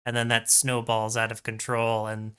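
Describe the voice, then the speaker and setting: Bright, crisp-voiced self-deprecating co-host man. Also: medium pitch, completely flat delivery, normal speed. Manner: self-deprecating, laughs often. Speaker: podcast co-host. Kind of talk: casual chat.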